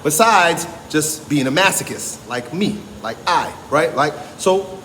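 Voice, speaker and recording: A man's voice: on the high side, lively intonation, measured pace, sharp tone, big-room sound, slight background noise. A man coaching strength trainees in a casual motivational talk, blunt and emphatic, who swears freely and keeps checking in with "right?".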